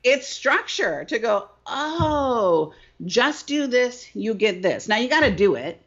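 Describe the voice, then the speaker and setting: A woman's voice: fairly high pitch, sing-song, takes it slowly. Emphatic woman coach on a dull line. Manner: emphatic, repeats phrases, asks "right?" often. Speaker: guest business coach. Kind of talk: animated interview storytelling. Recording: dull lo-fi sound.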